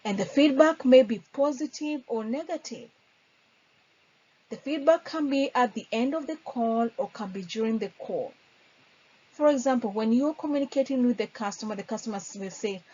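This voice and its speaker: A woman's voice: on the high side, normal speed, warm tone. Woman teaching customer service, lo-fi. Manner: earnest, acts out sample phone lines. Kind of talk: instructional talk.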